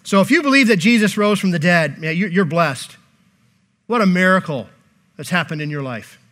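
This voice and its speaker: High-voiced emphatic male preacher. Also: moderate pace. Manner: emphatic, animated, with joking asides. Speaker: pastor. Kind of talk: sermon.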